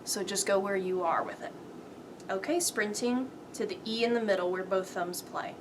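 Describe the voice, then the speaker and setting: A woman's voice: mid-range voice, normal speed. A woman piano teacher giving a step-by-step lesson, counting beats aloud and calling out rhythms. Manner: patient step-by-step instruction. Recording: piano playing loud under the voice.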